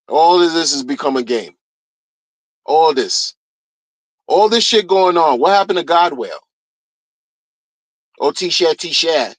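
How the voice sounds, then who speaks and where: A man's voice: a little high, no room sound. Male streamer, blunt slangy rant, repetitive, recorded close and dry. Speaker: crypto streamer. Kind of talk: casual rant.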